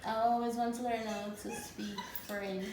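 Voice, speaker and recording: A woman's voice: medium pitch, flat delivery, normal speed, noisy background. A woman chatting with coworkers, earnest and stumbling over her words. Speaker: coworker guest. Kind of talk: casual group chat. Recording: very echoey room.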